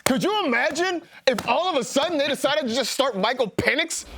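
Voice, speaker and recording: Man, fantasy football co-host, playful and rambling, bouncy pitch, high voice. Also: expressive, a little fast, a bit bright. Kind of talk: animated sports banter.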